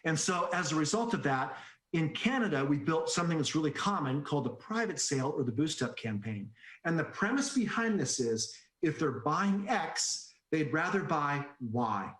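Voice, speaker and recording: This lively automotive sales trainer speaks at normal speed in a voice on the high side, with a roomy sound. His energetic webinar presentation is packed with anecdotes, jokes, and acted-out quoted voices.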